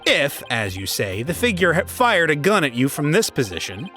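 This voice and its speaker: A man's voice: fairly high pitch, big pitch swings, normal speed, pushed and bright, faint music behind. A man reading the lines of an earnest young male defense attorney, with a courtroom tone. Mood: reasoning. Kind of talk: dramatic reading of game dialogue.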